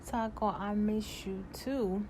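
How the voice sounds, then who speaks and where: Slow-talking animated storytelling woman. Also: medium pitch, background noise. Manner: animated, gets loud and exasperated retelling events. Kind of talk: casual storytime.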